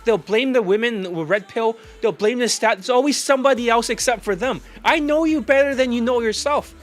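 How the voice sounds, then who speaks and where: A man's voice: extremely high pitch, a little fast. A man, a dating coach, ranting bluntly and profanely in a vlog monologue.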